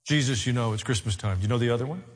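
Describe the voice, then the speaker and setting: A man's voice: medium pitch, very fast. Male pastor, sermon delivery, wry asides, emphatic build, long hall reverb. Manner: builds to raised, emphatic preaching.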